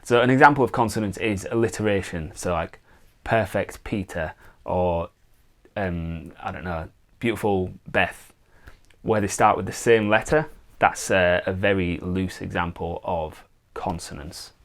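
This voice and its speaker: A man teaching songwriting in a relaxed, step-by-step way, with frequent fillers. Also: sits low, unhurried. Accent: non-American English. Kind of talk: casual explanatory lesson.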